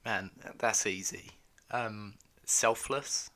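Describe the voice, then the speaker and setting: A man's voice: fairly low pitch, extremely slow, pushed and bright. Teasing man in casual podcast banter. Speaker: podcast co-host. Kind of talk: casual chat.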